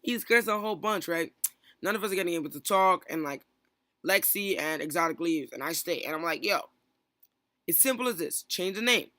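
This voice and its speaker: A young man tells a rambling story in a casual vlog, restarting sentences and snapping into quoted lines. His voice is bright and sits a little high, recorded close and dry with no room sound. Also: animated, dry recording. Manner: rambling, restarts often, quotes others in quick bursts. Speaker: stream moderator.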